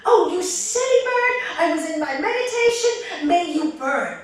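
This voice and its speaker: A woman voicing an arrogant, angry male monk who shouts indignantly. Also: extremely high pitch, animated, unhurried, voice pushed up. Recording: echoey room, far from mic.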